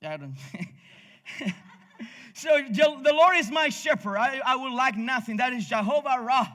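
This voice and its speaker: Spanish-accented male pastor, fervent rhythmic preaching, bright tone, long church reverb. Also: very high-pitched, animated, unhurried. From Cuba. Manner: passionate, rhythmic preaching with frequent restarts and laughter. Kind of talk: sermon. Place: church sanctuary.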